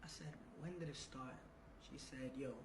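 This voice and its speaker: A man as an interview guest, telling a personal story emphatically, then sinking into low, confiding murmurs. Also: fairly even intonation, moderate pace. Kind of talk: candid storytelling in a sit-down interview. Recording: echoey room with audible background noise.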